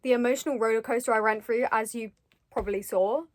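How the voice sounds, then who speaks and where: A woman's voice: a little high, steady tone, fast, dry recording. A young woman talking casually in a reading vlog, giggly, emotional and rambling. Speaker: book vlogger.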